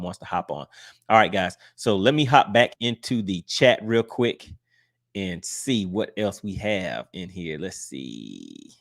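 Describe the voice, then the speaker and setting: A man chats casually with his livestream viewers as a fishing channel host. His voice sits a little low, and his easygoing talk wanders with plenty of "all right"s. The sound is close and dry, with no room echo.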